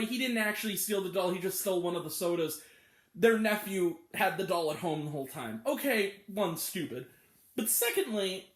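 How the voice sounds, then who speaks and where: Young male reviewer with a high, very expressive voice, venting with exasperation and swearing, in an echoey room. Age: 20s. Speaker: movie reviewer. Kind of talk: casual movie review rant.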